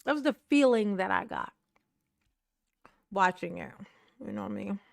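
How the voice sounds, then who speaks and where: A woman's voice: medium pitch, huge pitch swings, normal speed, vocal fry, dry recording, clean studio sound. A woman hosting casual online commentary, chatty and slangy, laughing often and talking back to what she watches.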